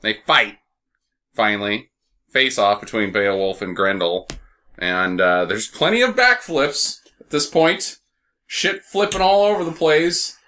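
Podcast co-host, man, lively bright delivery, rambling and swearing. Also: on the low side, measured pace. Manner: rambling, profane, laughs often. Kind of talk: casual movie-review banter.

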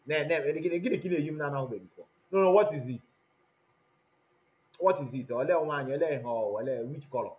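A man with a Nigerian accent hosting an online commentary stream, talking in an animated way and switching between Igbo and English mid-sentence. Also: on the high side, a little fast. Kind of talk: livestream commentary. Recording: dull lo-fi audio.

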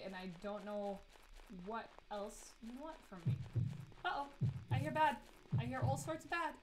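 A woman's voice: on the high side, a little hiss or hum. A woman streaming a horror game, chatty and giggly as she talks to herself and her chat. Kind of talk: live let's play commentary.

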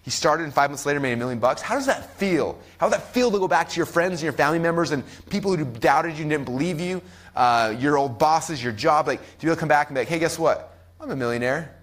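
A man in his thirties teaching an online marketing workshop. He talks excitedly, keeps asking "right?" and acts out other people's voices. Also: on the high side, fast talker.

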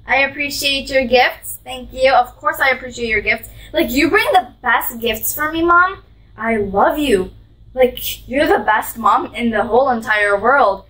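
Female vlogger for a gift unboxing: high voice, gushing and sweet, sitting a bit back from the mic. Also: measured pace, pushed and bright, far from the mic, rough recording. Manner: gushing, sweet, describes each item aloud.

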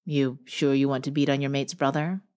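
A woman voicing a gruff, dry-humored male shifter ally in an audiobook. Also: rumbling low, level tone, moderate pace, a little mellow.

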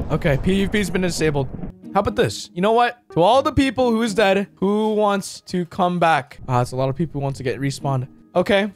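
A young man giving playful, teasing gaming commentary as he hosts a server event, full of gleeful exclamations. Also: sits high. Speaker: Minecraft YouTuber hosting a server event. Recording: voice over loud background music.

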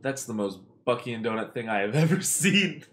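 A man hosting a podcast, telling stories in an animated, casual way with lots of swearing. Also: mid-range voice, brisk. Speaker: podcast host. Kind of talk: casual storytelling.

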